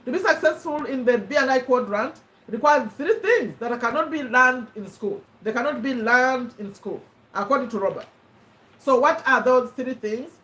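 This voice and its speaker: A high-pitched woman hosts a casual live-stream quiz, reading out viewers' names and ruling on their answers. Her voice sits away from the mic. It carries a roomy echo. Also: a bit bright, far from the mic. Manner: chatty, reads out viewer names and answers, checks and rules on them. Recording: echoey room, voice away from the mic.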